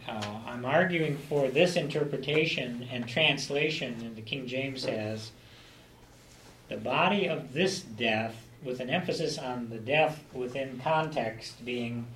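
A man's voice: medium pitch, slow, a bit bright, a little hiss or hum. A man leading a Bible study lecture, teaching in an earnest, emphatic expository way. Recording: echoey room, mic far off, faint ambience.

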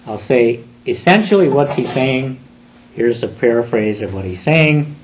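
A man preaching an expository sermon, deliberate and emphatic, slowing down on key phrases. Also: mid-range voice, animated, highs cut off.

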